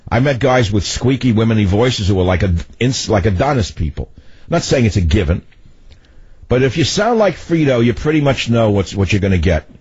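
Husky older man ranting on radio. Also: on the low side, lively intonation, fairly quick, no room sound. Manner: loud commanding voice, ranting. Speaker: talk radio host. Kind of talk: political talk radio monologue. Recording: dull lo-fi radio broadcast.

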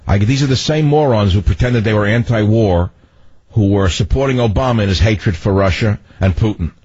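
An older man hosting political talk radio, ranting in a loud, commanding voice. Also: on the low side, a little fast, dry recording. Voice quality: husky. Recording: dull lo-fi radio broadcast.

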